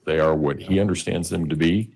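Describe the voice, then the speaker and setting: A man presiding in court as judge, giving measured, directive instructions. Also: deep voice, steady tone, creaky, darkish tone, slight background noise. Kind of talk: courtroom procedure.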